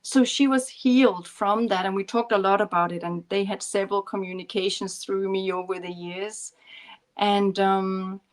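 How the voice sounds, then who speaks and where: A woman's voice: mid-range voice, steady tone, normal speed. Earnest woman coach telling a story. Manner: earnest, gentle, with restarts and fillers. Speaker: podcast guest, leadership coach. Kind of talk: storytelling in conversation.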